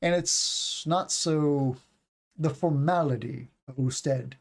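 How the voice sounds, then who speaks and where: An English teacher in his forties gives a casual livestream lesson in a slightly high, slow, creaky voice. He's chatty and rambling, stretching out words to demonstrate stress and intonation.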